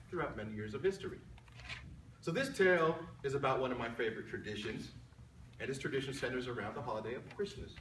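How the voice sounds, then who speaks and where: A man's voice: medium pitch, a bit bright. Man telling a tall tale in an echoey room. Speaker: speech contestant. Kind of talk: storytelling speech. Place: large room at a company event. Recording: echoey room, mic far off, faint background hum.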